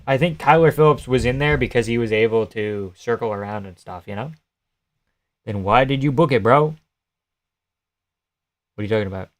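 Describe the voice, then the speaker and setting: A man's voice: medium pitch, moderate pace, long pauses. A young man on a casual live stream, chatting loosely and swearing while he reacts to fights and answers his chat.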